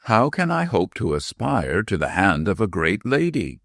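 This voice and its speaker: A man's voice: lowish voice, sing-song, moderate pace, fairly bright tone, dry recording, clean studio sound, exaggerated voice. A man voicing a young male fiddler in love, earnest and easily flustered, in a storybook reading. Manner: hesitant, defiant, pleading.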